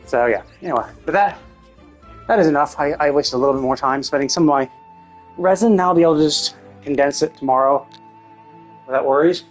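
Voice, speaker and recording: A woman's voice: sits low, a little fast, pauses often, soft background music. A woman streamer giving live gameplay commentary, swearing often as she rants about the game in exasperation. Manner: profane, exasperated ranting.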